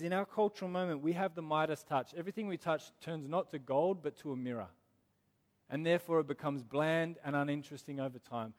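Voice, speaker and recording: An earnest man delivers a sermon in a fairly high voice, leaning hard on the words that matter and drawing them out. His voice rings with a long reverb, as from a church hall. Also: darkish tone. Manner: earnest, emphatic, slows down on key words. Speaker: pastor.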